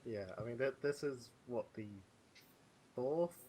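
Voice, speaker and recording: A man's voice: mid-range voice, measured pace, darkish tone, low-quality recording. A man playing his character in a tabletop game, chatty and sarcastic, talking over a voice call. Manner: chatty, sarcastic, laughs often. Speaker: player. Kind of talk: in-character tabletop role-play over voice chat. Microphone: computer mic on a voice call.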